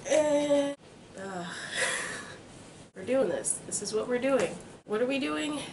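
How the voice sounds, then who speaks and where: A nervous young woman introducing her first vlog in a casual chat to camera, excitable and self-mocking, with sudden squeaky jumps in her voice. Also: takes it slowly, noisy background. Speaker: vlogger.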